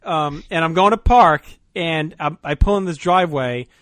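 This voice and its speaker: Male podcast host, easygoing and profane, fairly high-pitched, dry recording. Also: normal speed, dry recording. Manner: relaxed, swears casually. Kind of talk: casual podcast chat.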